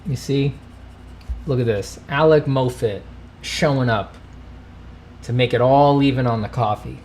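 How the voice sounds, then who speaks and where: A man's voice: mid-range voice, measured pace, darkish tone, slight background noise. Dry-humored man chatting on a livestream. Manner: dry, self-mocking humor. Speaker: artist hosting a livestream Q&A. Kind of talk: casual livestream chat, reading donations.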